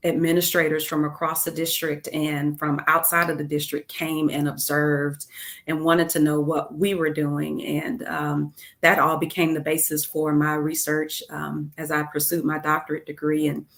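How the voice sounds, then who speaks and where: Guest: low-pitched middle-aged woman, earnest storyteller, lots of ums. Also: completely flat delivery, moderate pace, vocal fry, fairly bright tone. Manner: earnest, many fillers like um and uh. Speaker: guest, education leader. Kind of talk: interview storytelling.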